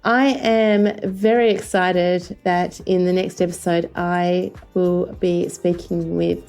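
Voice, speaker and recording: An Australian woman closes out her podcast episode in a gushing, enthusiastic way, pausing now and then on little fillers. Her voice sits a little low and sounds soft and mellow. Faint music plays behind her. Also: level tone, clean tone. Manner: effusive, enthusiastic, with hesitant fillers. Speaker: podcast host. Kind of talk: scripted-sounding solo outro.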